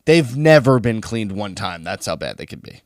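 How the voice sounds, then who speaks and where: A man's voice: fairly low pitch, sing-song, moderate pace, no echo, studio quality. A young man co-hosting a podcast, bantering and teasing with sarcastic comments. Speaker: podcast co-host. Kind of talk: casual banter.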